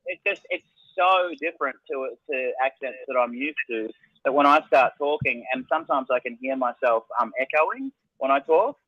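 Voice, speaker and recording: Casting: mid-pitched man, hesitant and musing, dry muffled audio. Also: lively intonation, normal speed, no echo. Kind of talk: casual group chat.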